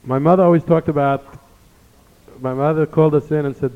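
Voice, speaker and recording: A man's voice: on the high side, fairly even intonation, a little fast. New guy preaching, earnest, tells stories, sounds tinny, kinda echoey hall. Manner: earnest storytelling with Hebrew phrases. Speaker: rabbi giving a talk. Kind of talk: sermon.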